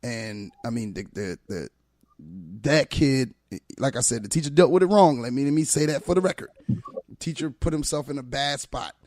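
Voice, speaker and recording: A man who works as a teacher, talking as a guest on a podcast, telling animated, emphatic stories. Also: mid-range voice, normal speed, no room sound, studio quality. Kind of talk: casual podcast conversation.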